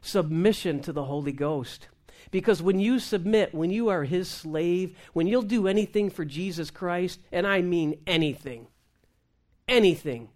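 A woman minister telling a lively testimony in conversation, acting out the voices of the people in her story and laughing as she goes. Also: on the low side, unhurried. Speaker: Christian minister. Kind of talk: testimony talk show conversation.

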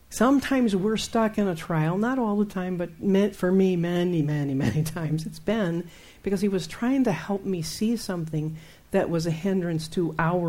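Middle-aged woman, warm low voice, chatty faith teacher who laughs and acts out stories. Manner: animated, laughs often, acts out her own outbursts. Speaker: Christian teacher. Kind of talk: conversational Bible teaching.

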